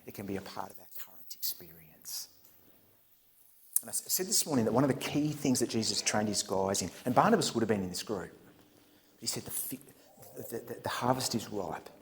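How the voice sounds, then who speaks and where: A middle-aged man preaching at a church camp, telling a story with lively swings between loud punchlines and hushed asides. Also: lowish voice, fairly quick. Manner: animated storyteller, laughs at his own jokes, drops to whispers. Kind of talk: storytelling sermon. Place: church camp meeting hall.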